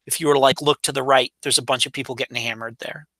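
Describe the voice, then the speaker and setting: A man with a bright, forward voice describes a location during a tabletop game. He hesitates, fills gaps and corrects himself mid-sentence, and the recording is dry and close. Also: mid-range voice, steady tone, quick pace, no room sound. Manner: rambling, hesitant, self-correcting. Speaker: player.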